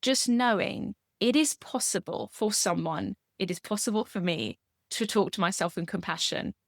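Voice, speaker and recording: Woman coach talking real gently, soothing and reassuring, dry close sound. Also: medium pitch, normal speed, dry recording. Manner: soft, soothing, speaks in warm reassurances. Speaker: sober coach, podcast guest.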